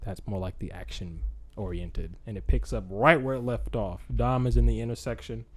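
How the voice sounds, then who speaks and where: A man's voice: on the low side, fairly even intonation, normal speed. A young man hosting a podcast, telling a movie idea in a rambling, casual way with lots of fillers and acted-out lines. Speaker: podcast host. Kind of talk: casual chat.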